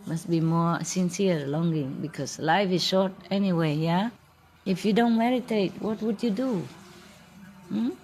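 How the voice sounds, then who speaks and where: A woman's voice: fairly low pitch, a little slow, darkish tone. A woman, a spiritual teacher, talking casually with her audience in a playful, teasing way and laughing often. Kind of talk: informal talk with an audience.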